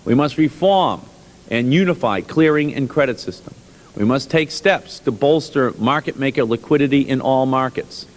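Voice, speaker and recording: A man chairing a congressional subcommittee hearing, reading a formal opening statement in a measured, emphatic way and clearing his throat now and then. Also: medium pitch. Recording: archival hearing room audio with long reverb.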